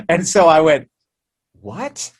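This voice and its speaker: An American man, a musician guest in a remote interview, telling stories in a lively, chatty way with frequent laughs and restarts. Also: mid-range voice. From United States. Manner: animated storyteller, laughs often, many restarts. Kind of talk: casual interview chat.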